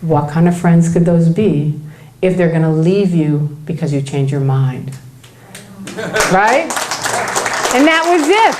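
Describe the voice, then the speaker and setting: A woman's voice: low voice, slow, long pauses, dark tone, a faint crowd, slight background noise. A middle-aged woman telling a personal story to an audience at a talk, animatedly acting out the dialogue she quotes. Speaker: speaker at a talk. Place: event room before an audience.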